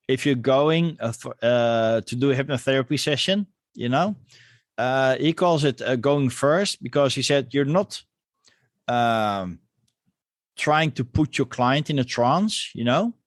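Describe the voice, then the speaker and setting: A man hosting a coaching podcast, agreeable, pausing on "uh" as he speaks. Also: mid-range voice, no echo, studio quality. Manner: agreeable, with hesitant fillers. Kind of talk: conversational interview.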